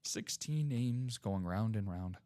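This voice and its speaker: A man's voice: lowish voice, expressive, slow, dark tone. A man hosting a live autograph break stream, chatty and hyped, joking with his co-host. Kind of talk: upbeat live-stream sales patter. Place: studio break room.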